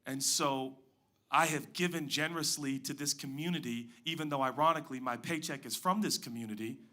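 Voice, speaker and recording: A man preaching a sermon as pastor, moving between loud emphatic lines and quiet hushed asides. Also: mid-range voice, brisk. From Pacific Northwest.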